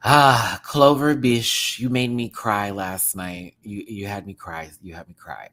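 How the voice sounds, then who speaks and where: A man reviewing a show to camera talks in a chatty, expressive rant. His voice dips to murmured asides, then jumps up into loud exclamations. Laughter keeps breaking into his talk. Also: medium pitch, unhurried. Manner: animated, swings from hushed asides to loud exclaiming; laughs often. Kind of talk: casual commentary rant to camera.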